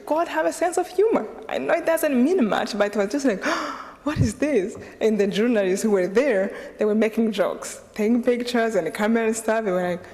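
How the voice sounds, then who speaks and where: A woman from Rwanda, giving an animated public talk as a guest speaker and laughing often. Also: on the high side, a little fast, hardly any pauses. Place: large hall with an audience. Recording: long reverb of a large lecture hall.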